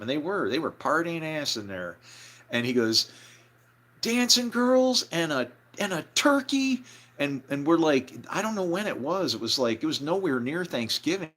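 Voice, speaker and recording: A man's voice: medium pitch, a bit bright. A man telling a story from his own life in a casual, rambling way, full of fillers and restarts. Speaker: storyteller, former band member.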